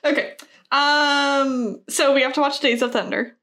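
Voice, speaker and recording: A woman's voice: high voice, measured pace, bright, forceful tone. A woman co-hosting a casual podcast, giggly and hesitant as she reads out movie news. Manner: giggly, self-conscious, often laughing and hesitating with ums. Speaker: podcast co-host.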